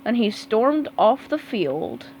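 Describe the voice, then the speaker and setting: A woman reading a children's storybook aloud in an expressive way. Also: a little high, slight background noise, poor audio. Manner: slow, expressive read-aloud. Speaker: storybook reader.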